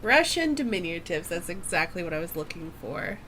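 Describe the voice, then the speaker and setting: A woman's voice: on the low side, big pitch swings, brisk, bright, forceful tone, a little hiss or hum. Chatty woman running a tabletop game. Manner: laughs often, chatty and upbeat. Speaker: game facilitator. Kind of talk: explaining a tabletop game on a live stream.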